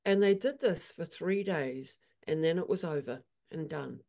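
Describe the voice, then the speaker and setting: A woman equine therapist telling animated stories in an interview, acting out her horses' voices. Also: low-pitched, a little slow, vocal fry. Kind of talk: storytelling in an interview.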